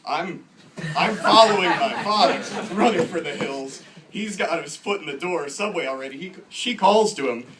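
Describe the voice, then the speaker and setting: A man's voice: sits high, normal speed, background noise. Young man doing casual stand-up. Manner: casual, self-deprecating storytelling. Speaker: first-time stand-up comedian. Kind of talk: stand-up comedy. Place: small bar taproom.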